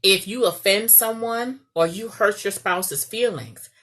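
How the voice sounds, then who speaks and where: A woman's voice: medium pitch, a little slow, a bit bright. A woman giving casual marriage advice as a coach, chatty and often checking in with "okay?". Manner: chatty, repeats "okay?" to the viewer.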